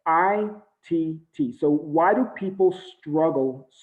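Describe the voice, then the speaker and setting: Earnest man on a tinny, echoey call. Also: on the high side. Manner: earnest, halting, many fillers. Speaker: team trainer. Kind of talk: motivational training talk.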